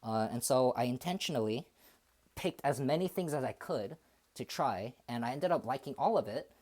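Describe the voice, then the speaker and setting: A man's voice: medium pitch, expressive, normal speed, darkish tone. A man in his twenties chatting on a livestream, thinking aloud in a hesitant, reflective way with many fillers and restarts. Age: 20s. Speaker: streamer. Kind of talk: casual livestream chat.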